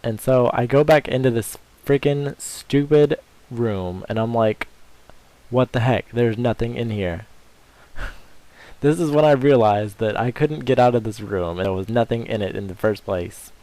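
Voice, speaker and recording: A man's voice: mid-range voice, normal speed, mellow, no room sound. A man giving rambling, crude, joking commentary over his video game playthrough. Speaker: gameplay commentator. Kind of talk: casual let's-play commentary.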